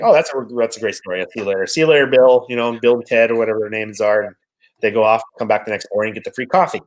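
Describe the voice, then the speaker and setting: A man's voice: fairly low pitch, low-quality recording. A man from Washington State chatting casually and telling rambling, profane anecdotes as a podcast guest. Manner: laid-back, swearing, rambling anecdotes. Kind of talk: casual chat, storytelling.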